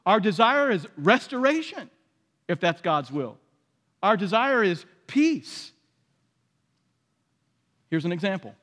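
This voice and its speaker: A man's voice: high-pitched, sing-song, slow pace, long pauses, a bit bright, in a large hall. A man preaching a sermon in a conversational way, acting out the voices he quotes. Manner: conversational, acts out quoted voices, many restarts.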